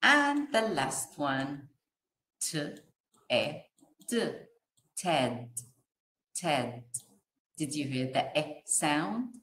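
A woman teaching a kindergarten phonics lesson, sounding out letters and words slowly in a sing-song way for small children. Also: low voice, very animated, a bit bright, roomy sound, slight background noise.

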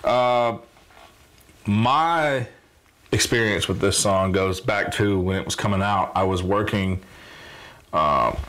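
A man's voice: on the low side, slow, pauses often, a bit bright. A man hosting a reaction video, chatting casually and explaining with fillers. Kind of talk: casual chat.

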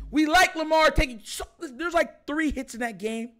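A young man with a strikingly high-pitched voice hosts a sports reaction rant. He sounds exasperated and emphatic, repeating his points for effect. His delivery is animated commentary. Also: normal speed, hardly any pauses.

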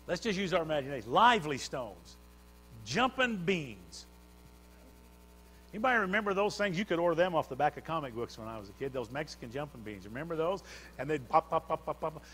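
A man's voice: fairly high pitch, sing-song, a little fast, a bit bright, husky. A man preaching a sermon, building fervor through repeated phrases. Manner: preaching with rising fervor and repetition. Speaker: pastor.

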